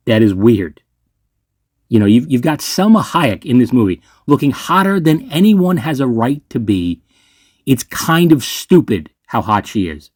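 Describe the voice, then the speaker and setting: With a medium-pitched, darkish voice in a dry, studio-quality recording, a man runs his own movie ranking video. His list commentary is a sarcastic rant, and he curses freely.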